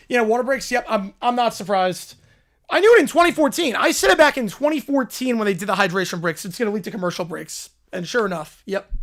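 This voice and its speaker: A man hosting a live stream about sports, chatting casually with his viewers. He tosses off quick opinions and keeps thanking people in chat. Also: high-pitched, expressive, fairly bright tone.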